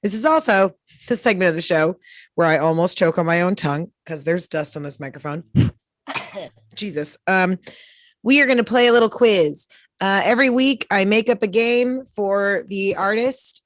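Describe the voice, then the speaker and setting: A woman's voice: medium pitch, measured pace, no echo, studio quality. A woman comedian hosting a live music interview show, rambling with self-deprecating jokes. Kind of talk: casual live-stream hosting banter.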